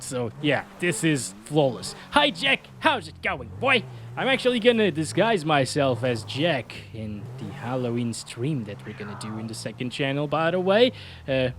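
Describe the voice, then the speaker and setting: A man hosting a gaming channel, giving casual, chatty gameplay commentary that is excitable and full of laughter. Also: on the high side, a little hiss or hum.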